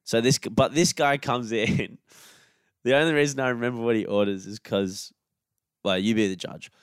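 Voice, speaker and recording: A man's voice: mid-range voice, fairly even intonation, moderate pace, clear, resonant tone, dry recording. Australian man, young adult, podcast co-host, casual jokey chat, resonant voice, dry close sound. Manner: laid-back, jokey banter.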